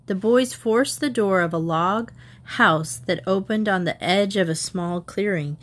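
A woman reading a children's mystery aloud in an even, measured storytelling voice. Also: medium pitch. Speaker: audiobook reader. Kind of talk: scripted narration.

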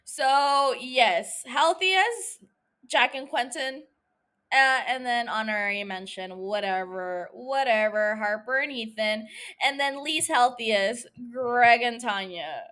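Woman, high-pitched, podcast host, playful, profane, chatty solo monologue. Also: slow pace, a bit bright.

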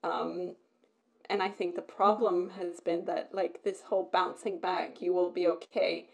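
A woman's voice: on the low side, little pitch movement, measured pace, vocal fry. A woman in casual conversation, talking at length and laughing often. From Britain. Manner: chatty, laughs often, rambling. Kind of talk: casual chat.

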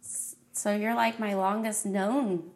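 A woman's voice: mid-range voice, fairly even intonation, slow, darkish tone. A young woman hosting a podcast, chatting casually and rambling with lots of "like"s. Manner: rambling, filler-heavy with many "like"s. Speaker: podcast host.

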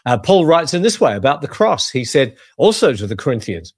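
Earnest pastor teaching in a dry room. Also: male voice, medium pitch, very animated, slightly rough, no room sound. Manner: earnest, measured, emphatic on key phrases. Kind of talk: sermon-style teaching.

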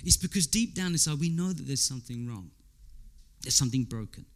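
A man's voice: medium pitch, animated, fairly quick. A man preaching a sermon in a conversational way, asking his listeners rhetorical questions, repeating words as he goes and quoting people in character.

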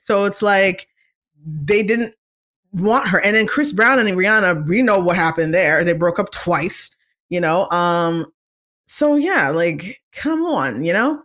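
Chatty opinionated woman hosting a show. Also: medium pitch. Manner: chatty, animated and opinionated, many fillers and asides. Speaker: podcast host. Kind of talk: casual chat.

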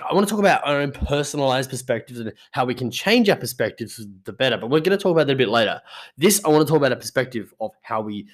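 Casually swearing podcast host, a man. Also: medium pitch. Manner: swearing, rambling storyteller. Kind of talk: casual monologue.

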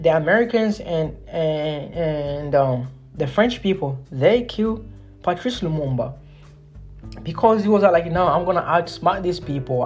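A woman's voice: on the low side, darkish tone. A woman hosting a solo podcast, lecturing her listeners in a blunt, profane and emphatic way, repeating her points. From Congo. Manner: lecturing, repetitive. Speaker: podcast host.

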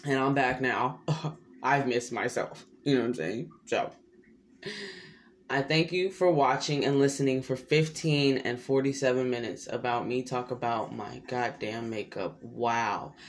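Young male podcaster, rambly slangy solo chat, average pitch, jumpy delivery. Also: measured pace, slight background noise. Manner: rambling, loose and slangy, with sudden pitch jumps. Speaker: podcast host.

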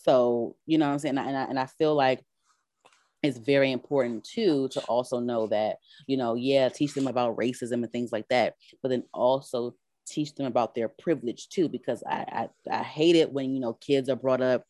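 A woman's voice: a bass voice, steady tone, moderate pace, dark tone, dry recording. A woman co-hosting a casual chat, talking animatedly with many fillers and restarts.

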